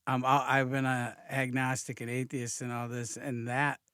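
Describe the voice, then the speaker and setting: A man who is a comedian and director, talking as a podcast guest, quiet and reflective with frequent restarts. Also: mid-range voice, level tone, normal speed, clean tone, dry recording, clean studio sound. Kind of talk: podcast conversation.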